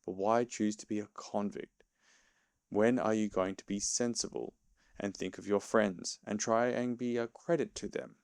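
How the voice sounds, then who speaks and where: A man's voice: fairly low pitch, fairly even intonation, normal speed, vocal fry, darkish tone, no echo. Sensible storybook rat, stern and reproachful, as a man with a dry, close voice puts him on. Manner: lecturing, serious and reproachful. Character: sensible stern male water rat friend.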